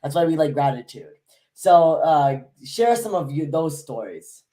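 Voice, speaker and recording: A man's voice: on the high side, sing-song, unhurried, warm tone. A man hosting a casual interview, chiming in with short reactions and questions. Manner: brief reactions and laughing prompts. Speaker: show host.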